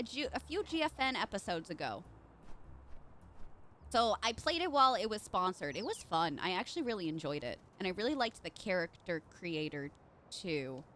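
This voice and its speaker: Streaming a game live, a woman with a slightly high, sharp voice chats with her audience and reacts to the action, with a little hiss or hum in the recording. Her commentary is bubbly and chatty, and she reads chat out loud.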